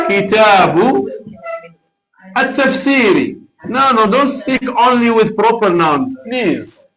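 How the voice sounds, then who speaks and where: A man's voice: high-pitched, a bit bright, rough recording. A man teaching an Arabic class live online, patient and repetitive as he drills examples.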